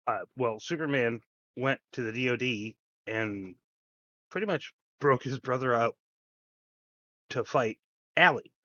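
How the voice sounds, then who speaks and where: A man's voice: mid-range voice, a little slow, pauses often, sharp tone, no room sound, muffled recording. A man co-hosting a podcast in casual chat, recapping plainly and laughing easily. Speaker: podcast co-host.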